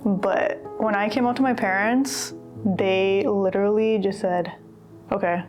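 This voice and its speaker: Young woman, interviewee, earnest, chatty, guitar music clearly behind her. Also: medium pitch, fairly even intonation, measured pace, darkish tone. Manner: earnest, chatty, with casual fillers. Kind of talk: candid personal interview.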